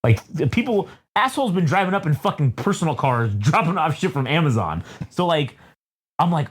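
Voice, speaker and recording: Lively, rambling man telling a comic story. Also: a little high, normal speed, breathy edge. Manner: rambling storyteller acting out characters, profane, laughing. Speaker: podcast co-host. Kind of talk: casual comedic chat.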